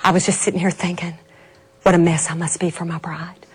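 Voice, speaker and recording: A woman voicing a plain-spoken old man in a wheelchair who is hard of hearing, in a gentle manner. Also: a little high, expressive, fast, pitched below the performer's own voice. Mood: tearful hushed.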